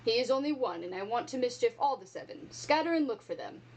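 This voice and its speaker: A woman's voice: fairly high pitch, expressive, fast, low-quality recording. A woman doing a menacing pirate captain. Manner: dark, threatening. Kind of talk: storybook read-aloud.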